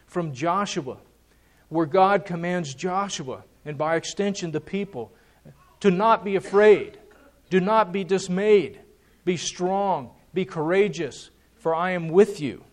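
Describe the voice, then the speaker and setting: A man's voice: high-pitched, measured pace. Emphatic man preaching a sermon. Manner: emphatic, repeats key words for stress.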